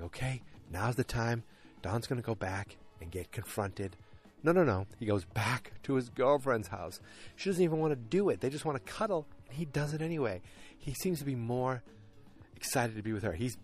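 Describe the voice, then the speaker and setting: A man hosting a podcast, rambling casually with lots of fillers and restarts. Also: mid-range voice. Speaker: podcast host recapping a TV show. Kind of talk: casual chat.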